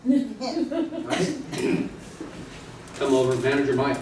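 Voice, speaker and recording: A man teaching a live class of real estate agents, playful and energetic, acting out little scenes and quizzing the audience. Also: on the high side, moderate pace. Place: training room with an audience. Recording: echoey room, distant mic, noisy.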